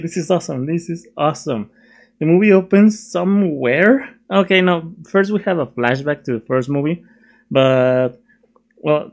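A man's voice: on the high side, darkish tone. A young man casually reviewing a film while sketching at his desk, chatty and self-mocking, laughing often. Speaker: video reviewer.

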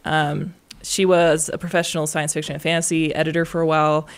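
A woman's voice: deep voice, flat delivery, a little fast, clean tone. A young woman talking as a guest in a casual chat, chatty and hedging, often laughing. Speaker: guest writer.

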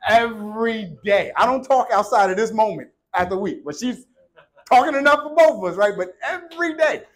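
Male pastor, high voice, casual joking sermon delivery in a church. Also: expressive, normal speed, fairly bright tone. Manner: playful, conversational preaching with call-and-response. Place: church sanctuary. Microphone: handheld or worn microphone.

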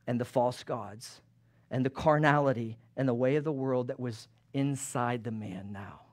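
A male pastor preaching a fervent sermon, building to loud emphasis and acting out the chatter of townspeople. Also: mid-range voice, moderate pace. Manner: acts out townspeople's chatter in lively voices.

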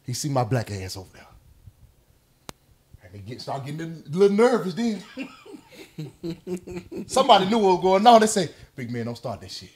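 A husky, fairly high-voiced man shares a story on a podcast as a guest, speaking at a moderate pace and pausing often. It's casual storytelling among friends, and he laughs and animatedly acts out quotes, voices and sound effects.

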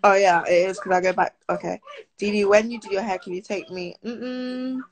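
A woman's voice: mid-range voice, steady tone, moderate pace, rough recording. A teenage girl from Britain, chatting casually on a live stream and answering viewer comments aloud.

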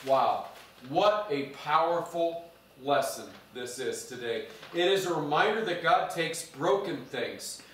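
A male pastor delivers a sermon in a slightly higher-than-usual voice, leaning hard on key words and drawing them out. He is picked up from a distance, so the church around him rings with a heavy, lingering echo. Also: fairly bright tone, a little hiss or hum. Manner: emphatic, drawn-out stresses on key words.

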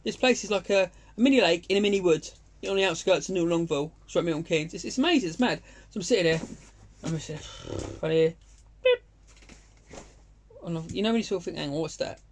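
High-voiced excitable bloke. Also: male voice, fast talker, long pauses, a little hiss or hum. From England. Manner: excitable, swearing, lots of restarts and sound effects. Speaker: angler telling a fishing story. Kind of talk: casual storytelling monologue.

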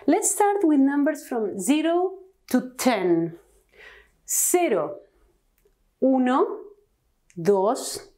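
A woman from Argentina with an Argentine Spanish accent, teaching an online Spanish lesson with slow, careful enunciation. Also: high-pitched, mellow.

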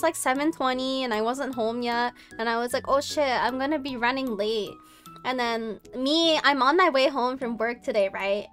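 High-pitched young woman streamer rambling and laughing a lot, casual chat w/ soft music in the back. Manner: chatty storytelling, many fillers, frequent laughing.

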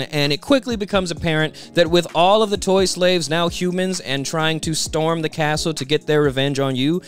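Male comedy narrator, second-person recap, slightly high voice, sarcastic asides, faint music. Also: a bit bright. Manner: chatty, sarcastic, lots of "okay?" asides.

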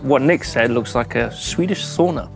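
A man's voice: medium pitch, normal speed, gravelly, music in the background. A young man vlogging his van build to camera, chatty and self-mocking, inside the van. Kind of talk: casual to-camera vlog. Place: inside a van being built.

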